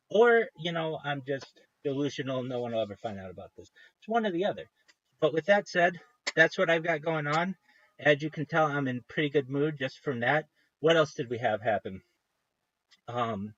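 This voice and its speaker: Rambling on his livestream, a man hops between ideas and breaks off sentences halfway, clearly excited. His pitch is an ordinary middle, slightly bright, captured close and dry without echo or room sound, in somewhat dull, lo-fi stream audio.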